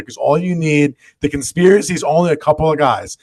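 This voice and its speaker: A man's voice: on the high side, quick pace, few pauses, dry recording. Profane man arguing football. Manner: swearing, animated arguing. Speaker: podcast co-host. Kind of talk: casual sports chat.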